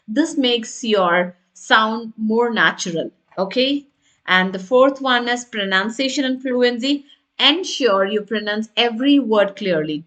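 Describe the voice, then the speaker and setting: A woman's voice: fairly high pitch, a bit bright. A woman teaching an online exam prep lesson, explaining step by step and checking in with her listeners. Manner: explanatory, checks in with "right?" and "got it?".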